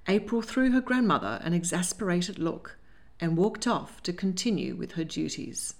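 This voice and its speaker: A woman narrating an audiobook in an expressive, animated reading. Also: on the low side, moderate pace, vocal fry.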